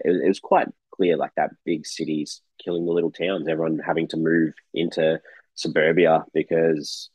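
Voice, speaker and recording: A man co-hosting a casual film podcast, relaxed and chuckling as he talks it through. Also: very deep voice, husky, dry recording, lo-fi sound. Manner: relaxed, laughs often, many fillers. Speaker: podcast co-host.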